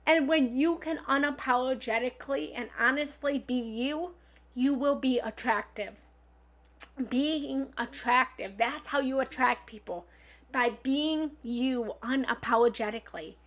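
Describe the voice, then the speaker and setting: A woman livestreams a self-help talk as a spiritual love coach, speaking bluntly and with emphasis, lurching between loud outbursts and quiet asides. Her voice sits high and she takes her time, swearing now and then.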